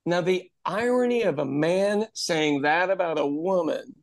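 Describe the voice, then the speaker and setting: Guy around 60, high voice, dry close mic, swears a lot telling pub stories. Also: measured pace, gravelly, no room sound. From Ireland. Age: about 60. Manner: animated storyteller, swears freely. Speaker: podcast host and pub owner. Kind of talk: casual storytelling chat.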